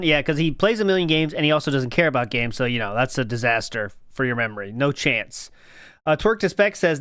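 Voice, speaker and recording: A male stream host tosses off mocking, sarcastic asides while reading chat aloud. His voice is a little high, smooth and clear, and the recording sounds close and dry. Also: lively intonation, fairly quick, a bit bright, no echo. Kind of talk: sarcastic reaction commentary.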